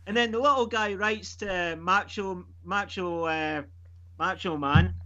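High-voiced chatty man, lo-fi. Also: a little slow, sharp tone. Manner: chatty, storytelling, hesitant with fillers. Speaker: comic book club member. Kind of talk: casual group chat. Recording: dull lo-fi sound.

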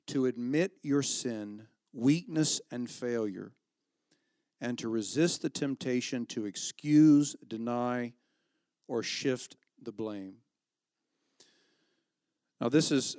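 A middle-aged male pastor preaches in a loose, talky way and often restarts his sentences. His voice sits at an ordinary pitch for a man. The sound is close and dry, with no room echo. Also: a little mellow. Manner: conversational, with many restarts and quoted asides. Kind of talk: sermon.

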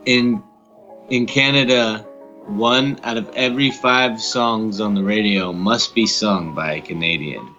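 A man's voice: on the low side, a little slow, bright, forceful tone, muffled recording, soft background music. A man co-hosting a casual podcast, reading out odd laws and tossing in dry quips. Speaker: podcast co-host. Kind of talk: casual chat.

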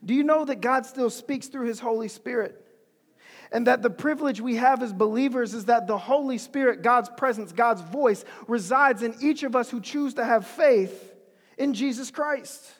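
A preacher giving an animated, humorous, conversational sermon in a large hall. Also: medium pitch, normal speed.

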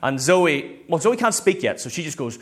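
A man, a pastor preaching a sermon in a lively, conversational way. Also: fairly high pitch, normal speed.

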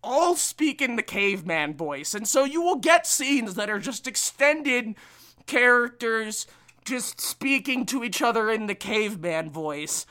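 High, bright-voiced man joking fast. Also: expressive. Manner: quick, exclamatory, jokey. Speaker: podcast co-host. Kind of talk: casual comedic chat.

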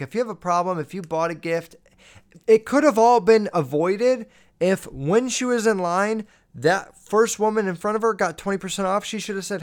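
Young guy podcast rant, cursing a lot, acting out the customer, kinda high smooth voice. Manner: profane, animated, acts out customer dialogue. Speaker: podcast host. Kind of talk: casual storytelling rant.

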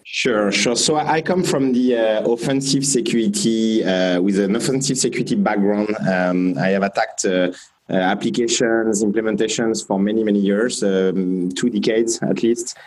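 A man's voice: lowish voice, poor audio. French-accented man with frequent fillers. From France. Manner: measured, many fillers and restarts. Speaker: company founder and guest. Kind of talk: interview answers.

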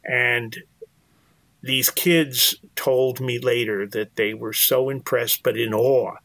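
A man's voice: medium pitch, fairly even intonation, slow pace, creaky, fairly bright tone, dry recording. An older man, telling a personal story earnestly as an interview guest, often repeating words as he goes. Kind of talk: storytelling in conversation.

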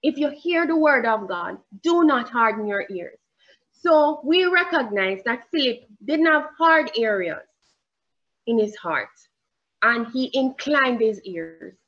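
A woman preaching a sermon with a fairly high voice, pacing her words very slowly and emphatically. She stretches out the scripture lines she quotes. The recording sounds dull and lo-fi. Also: lively intonation, fairly bright tone. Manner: slow, emphatic delivery, drawing out scripture quotes.

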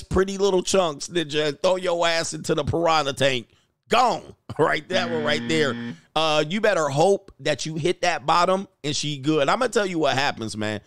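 A man hosting a livestream, reacting to clips with loud, slangy joking commentary. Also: on the high side, vocal fry, no room sound, clean studio sound.

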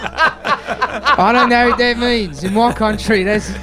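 A man's voice: very high-pitched, slow pace, loud music behind the voice. A man voicing a crude, boastful Australian character with a put-on Australian accent in an improvised comedy bit. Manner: crude, rowdy, laughing through lines.

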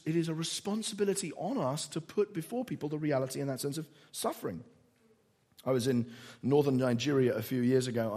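A man's voice: fairly high pitch, slightly rough. A man preaching a sermon, telling stories earnestly and quoting others as he goes. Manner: earnest, storytelling, quotes others in softer voice.

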